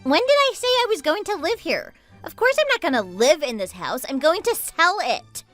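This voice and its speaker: A woman voicing an entitled, demanding young sister-in-law who yells and bosses people around. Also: very animated, normal speed, soft background music, full character voice. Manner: demanding, shrill, yelling. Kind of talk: texting-story voice acting.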